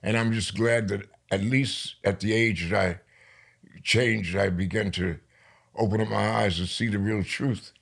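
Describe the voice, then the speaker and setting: An older man from New York, a poet being interviewed, telling stories in a lively way and slowing down for emphasis. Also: lowish voice, vocal fry. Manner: lively storyteller, slows down for emphasis. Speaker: poet guest. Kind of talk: storytelling interview.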